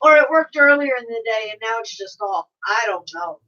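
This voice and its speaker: Bright high-voiced woman chatting on stream. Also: animated, moderate pace. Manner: chatty, laughs often, reads viewers' comments aloud. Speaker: livestream host reading chat. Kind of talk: casual chat. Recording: dull sound from a distance.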